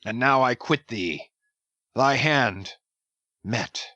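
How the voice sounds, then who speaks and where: A man's voice: mid-range voice, expressive, very slow, bright, forceful tone, no echo, highs cut off, exaggerated voice. A man playing a grim, obsessed old one-legged sea captain, speaking sternly in archaic words. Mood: solemn. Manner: solemn, stern, archaic speech. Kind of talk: dramatic audiobook reading.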